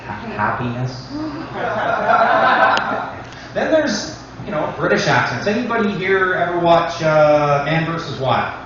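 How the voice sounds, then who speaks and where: A man's voice: a little high, expressive, moderate pace, heavy reverb, recorded from a distance, highs cut off, background noise. A man doing a stand-up comedy routine, saying "you know" often, recorded from afar in a small club. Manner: says "you know" a lot.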